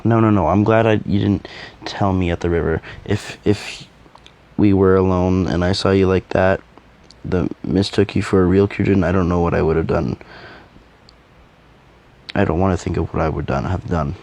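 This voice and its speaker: A man's voice: low voice, fairly even intonation, normal speed, long pauses, a little mellow. A man voicing a blunt, hot-headed young male fighter who speaks earnestly and clumsily in a fan audio drama.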